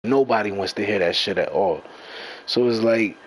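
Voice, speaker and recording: A man's voice: fairly low pitch, moderate pace, slight background noise, rough recording. Profane young man ranting angrily. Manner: profane, repetitive, confrontational. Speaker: gamer venting to followers. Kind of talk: angry rant.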